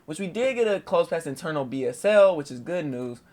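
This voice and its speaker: At a fairly quick clip, a young man gives a casual recap of his day trade on screen share. His delivery is slangy and lively, full of swearing and repeated "boom"s.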